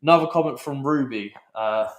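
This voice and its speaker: A man's voice: mid-range voice, fairly quick. A man co-hosting a podcast, laid-back, agreeing and reading out viewer comments. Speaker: podcast co-host. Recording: echoey room.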